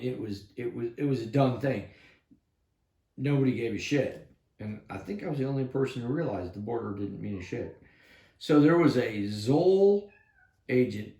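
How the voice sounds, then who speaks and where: Fifty-something vet guy cussing his way through old army stories, mid pitch, kinda echoey room. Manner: profane, rambling, acts out quotes loudly. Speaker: army veteran telling war stories. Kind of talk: casual storytelling chat. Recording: roomy echo.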